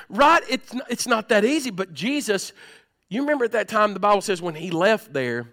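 A high, bright-voiced man preaches to his congregation. He tells stories and asks questions, dropping to a hush and then rising again. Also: expressive, normal speed. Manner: storytelling, swings between hushed and raised, asks the congregation questions. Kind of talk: sermon.

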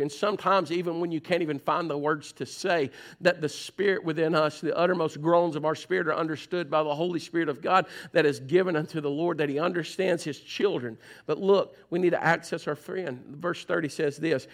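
A man preaching a sermon as pastor, swinging between loud urgent passages and soft, low pleading, repeating phrases for emphasis. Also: brisk.

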